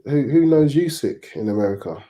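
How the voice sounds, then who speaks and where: A British man on a boxing talk show panel, measured and sceptical in tone. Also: mid-range voice, expressive, mellow.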